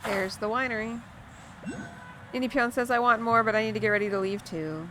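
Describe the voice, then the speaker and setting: A woman's voice: a little high, brisk. A woman streaming a video game, chatting casually and playfully musing aloud as she plays. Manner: playful, musing aloud, repeating words to test them. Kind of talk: casual livestream chat over gameplay. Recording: game music under the voice. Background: game music.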